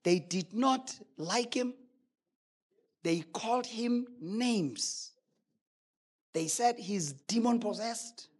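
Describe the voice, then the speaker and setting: A man's voice: high-pitched, animated, extremely slow, long pauses, darkish tone, slightly rough. A male preacher delivering a sermon emphatically, asking rhetorical questions.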